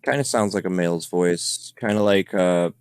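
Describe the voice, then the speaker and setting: A low-voiced man speaks at normal speed, his darkish tone clear and resonant in a clean studio with no echo. He's a paranormal investigator on a podcast, casually reviewing recordings his team captured, and his talk wanders, full of fillers.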